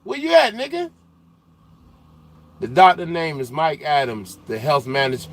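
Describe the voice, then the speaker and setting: Young trucker dude live streaming, slangy, bit of a high voice, goes loud and jokey reading the chat. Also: male voice, unhurried, long pauses. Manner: loose slang-heavy banter, gets loud and animated when teasing chatters. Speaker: trucker hosting a livestream. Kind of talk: casual livestream chat, reading viewer comments.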